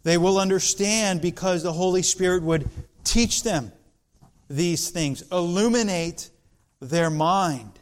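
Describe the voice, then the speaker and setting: A man preaching an expository sermon as pastor, slow and deliberate, building to emphatic passages. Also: high-pitched.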